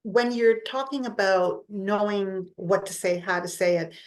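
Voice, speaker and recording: A woman's voice: medium pitch, a little slow. A woman lawyer hosting an interview, asking hesitant, searching questions. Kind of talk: conversational interview.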